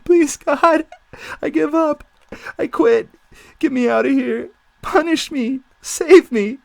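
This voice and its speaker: A man's voice: very high-pitched, slow, creaky, dry recording, voice pushed up, heavily acted. Man doing a frantic, cracking guilt-stricken man. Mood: pleading. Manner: frantic, pleading, voice cracking into a whine.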